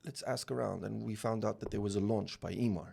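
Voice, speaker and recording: Gravelly low-voiced man telling a lively story. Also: fairly quick. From UAE. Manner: animated anecdotes, acting out dialogue, many restarts. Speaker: real estate founder, guest. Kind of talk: storytelling interview.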